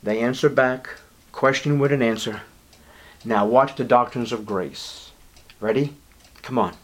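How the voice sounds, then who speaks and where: A man preaching a sermon, swinging between low murmurs and high, emphatic declarations and stretching out words for emphasis. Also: a little slow, long pauses. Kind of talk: evangelical sermon.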